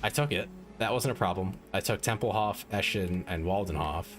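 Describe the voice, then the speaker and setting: Deep-voiced man chatting through a game stream. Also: moderate pace, over music. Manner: rambling and self-mocking, many "like" fillers. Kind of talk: casual gaming stream chat.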